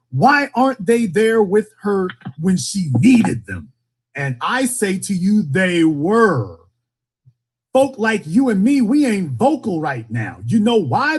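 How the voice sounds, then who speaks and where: Fiery husky-voiced male call-in host. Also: sits high, darkish tone. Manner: fiery, emphatic, repetitive. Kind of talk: political call-in talk.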